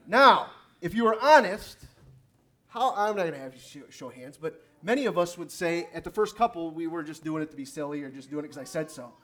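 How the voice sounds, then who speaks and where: A male preacher delivering a sermon in church, his voice sitting a little high for a man. He tells stories, reads scripture slowly and pushes his listeners with emphatic, rising calls to praise. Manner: emphatic, rising to loud exhortation.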